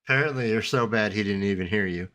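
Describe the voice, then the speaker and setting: A man hosting a gaming debrief in casual chat, relaxed and joking, humming to himself between remarks. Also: fairly low pitch, quick pace.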